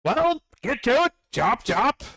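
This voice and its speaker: A man voicing a gruff, bossy male dwarf foreman who scolds a worker and calls him lad. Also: very high voice, sing-song, takes it slowly, fairly bright tone, no room sound, studio quality, pitched above the performer's own voice, exaggerated voice. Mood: warning.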